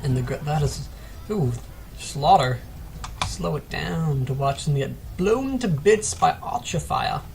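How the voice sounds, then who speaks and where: A man's voice: on the high side, lively intonation, unhurried, creaky, a little mellow, a little hiss or hum. A man giving casual commentary on a strategy game replay, rambling and self-mocking with chatty asides, still a bit sick. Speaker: gameplay commentator.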